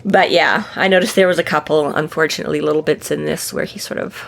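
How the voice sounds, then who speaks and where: A woman's voice: low-pitched, steady tone, fast talker, creaky, a little hiss or hum. A woman co-hosting a podcast in casual, rambling chat, talking animatedly, laughing often and swearing freely. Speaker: podcast co-host. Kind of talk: casual rambling book discussion.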